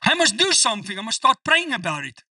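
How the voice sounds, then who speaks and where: A male pastor preaching a sermon, reading scripture slowly with strong emphasis and acting out the voices of people in his stories. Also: very high voice, big pitch swings, pushed and bright, dry recording, recorded from a distance. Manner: emphatic preaching, quotes scripture with slow stressed delivery.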